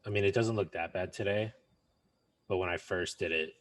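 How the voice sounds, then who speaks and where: A man's voice: deep voice, steady tone, moderate pace. An American man co-hosting a casual podcast chat, joking and laughing often. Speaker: podcast co-host.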